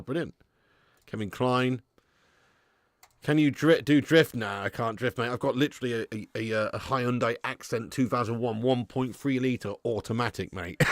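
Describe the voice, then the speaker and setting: A man's voice: medium pitch, no echo. A man with a casual, laughing manner hosts a football watch-along stream, swearing freely and reading viewers' messages aloud. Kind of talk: casual live-stream chat.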